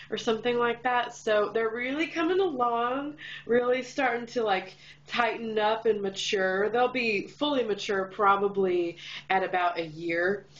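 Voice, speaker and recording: This young adult woman from Kansas is vlogging to camera in a room lit by a window, chatting casually in a bubbly way with lots of fillers. She has a Midwestern accent with a slight Southern twang and a medium-pitched voice, and the audio sounds dull.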